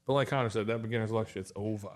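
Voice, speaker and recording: Male host, laid-back and profane, spins anecdotes in a relaxed chat. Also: fairly low pitch, rapid-fire. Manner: profane storyteller, acts out quotes. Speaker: podcast host. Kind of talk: casual chat.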